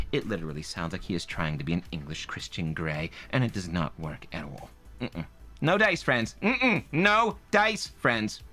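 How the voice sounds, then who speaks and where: A man's voice: medium pitch, sharp tone. A man voicing a sassy, fed-up woman book reviewer as a comedic dramatic reading, theatrical and exasperated.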